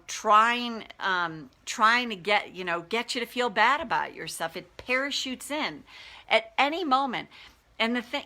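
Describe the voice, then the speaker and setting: Woman, life coach, bright voice, conversational, earnest. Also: medium pitch. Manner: earnest, conversational, many restarts. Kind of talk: casual talk to viewers.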